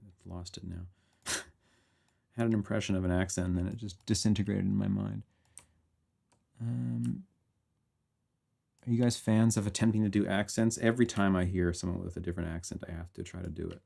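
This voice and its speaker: Gravelly, deep-voiced male composer bantering with chat on a livestream. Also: fairly even intonation, fairly quick, pauses often, dark tone. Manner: laughs often and reads chat aloud. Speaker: composer streaming live.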